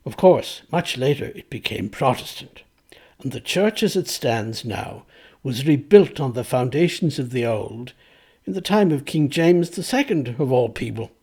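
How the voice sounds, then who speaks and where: A man's voice: a little high, animated, moderate pace, few pauses, mellow, slightly rough. A man reading aloud, voicing a frank, wry older clergyman of the 1700s who speaks in a knowing, confiding way.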